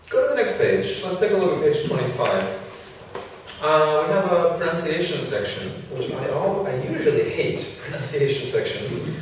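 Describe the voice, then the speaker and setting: A man's voice: mid-range voice, a little hiss or hum. Guy teaching english grammar, easygoing and chatty, mic far off in a really echoey classroom. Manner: relaxed, chatty explaining with self-deprecating asides.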